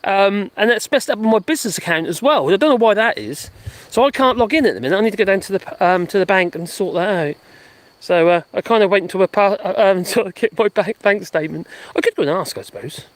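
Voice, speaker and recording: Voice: medium pitch, expressive, brisk, no room sound. A live-stream host, chatting in a rambling way from a garden and laughing often. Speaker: livestream host. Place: outdoors in a garden.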